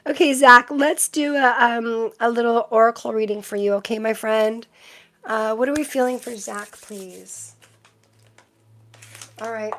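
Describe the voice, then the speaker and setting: A woman's voice: fairly high pitch, steady tone, a little slow, a bit bright, slight background noise. Chatty, giggly middle-aged woman reading tarot. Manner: chatty, giggly, easily distracted. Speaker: tarot reader hosting a live stream. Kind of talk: casual live-stream tarot reading.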